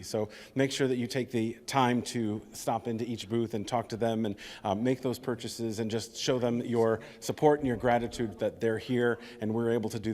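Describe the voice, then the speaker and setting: An upbeat male emcee welcomes a trade show audience and introduces the next speaker, speaking eagerly with frequent fillers. His voice is mid-pitched and rings out in a large hall with long reverb. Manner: upbeat, enthusiastic, filler-heavy. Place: large ballroom stage. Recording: reverberant ballroom sound.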